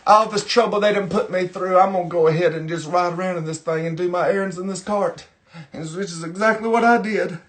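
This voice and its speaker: A man's voice: sits high, fairly even intonation, fairly quick, fairly bright tone. A man playing a chatty, easily irritated middle-aged Southern woman with a Southern US accent, who rambles on in a folksy drawl. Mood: folksy griping. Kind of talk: character monologue to camera.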